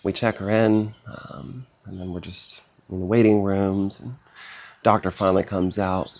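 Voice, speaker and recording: A middle-aged man telling a painful personal story in a halting, emotional way, with many pauses, fillers and sighs. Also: deep voice, level tone, creaky, darkish tone. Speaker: personal vlogger.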